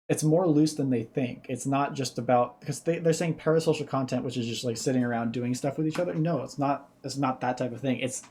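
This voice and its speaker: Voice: medium pitch, warm tone, slightly rough. A streamer giving casual reaction commentary, thinking aloud and explaining ideas at length.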